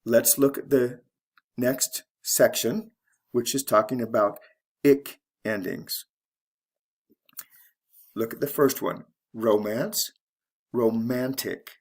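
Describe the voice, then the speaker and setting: A man teaching English pronunciation, explaining word stress slowly and deliberately and spelling out letters one by one. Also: medium pitch, creaky, breathy edge. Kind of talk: slow instructional explanation.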